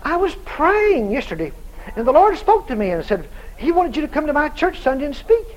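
A jittery small-church preacher, put on by a man telling the story nags on and on. The voice sits very high and moves a lot. He pleads and repeats himself in circles. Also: sing-song, fairly quick, low-quality recording. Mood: earnest. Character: anxious middle-aged male country preacher.

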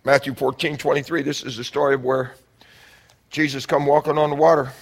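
A man preaching a sermon, moving from calm scripture reading to loud, shouted exhortation, repeating phrases for emphasis. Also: mid-range voice, fairly quick, husky. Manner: swings from quiet teaching to loud shouted exhortation.

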